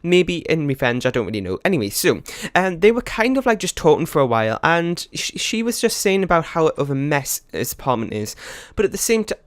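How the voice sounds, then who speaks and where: A man giving casual gameplay commentary as a let's play host, rambling and chatty with many fillers and quick laughs. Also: a little high, big pitch swings, dry recording, studio quality.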